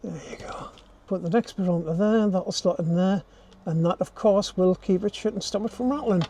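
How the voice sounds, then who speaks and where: A man's voice: sits high, normal speed, mellow, a little hiss or hum. An older man, vlogging casually to a handheld camera as he works inside a camper van, self-mocking and thinking aloud. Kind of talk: casual DIY vlog talk to camera.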